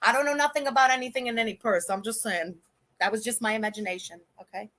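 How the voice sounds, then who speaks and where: Bright high-voiced blunt woman streamer. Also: fast. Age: 30s. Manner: blunt, profane and indignant, rambling with restarts. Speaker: livestream host. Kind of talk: casual livestream commentary.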